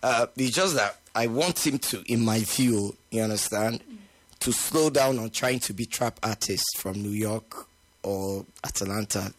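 A man's voice: on the low side, unhurried, dry recording. Nigerian guy hosting a chat, teasing, opinionated, laughs a lot. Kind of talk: casual chat.

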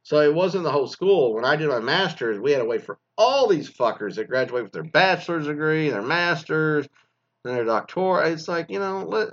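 A middle-aged man, delivering a crude, sarcastic rant full of swearing. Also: on the high side. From Texas, Dallas area. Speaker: commentator reacting to news. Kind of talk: profane ranting monologue. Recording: dull lo-fi audio.

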